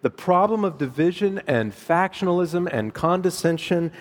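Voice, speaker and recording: Middle-aged male pastor, chatty animated sermon delivery, slightly higher voice, long hall reverb. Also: moderate pace. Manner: conversational, animated, laughs at own asides.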